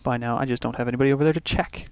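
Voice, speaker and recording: A man's voice: mid-range voice, fairly even intonation, very fast, clear, resonant tone, no room sound. A man from Canada hosting a let's play, casually thinking aloud through his turns with restarts and little asides. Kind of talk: casual gameplay commentary.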